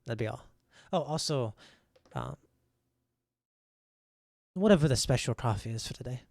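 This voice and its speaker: A man's voice: mid-range voice, expressive, normal speed, vocal fry, darkish tone, no room sound, clean studio sound. A man voicing a well-mannered, strict father ordering at a bakery in a tabletop game. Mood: stern.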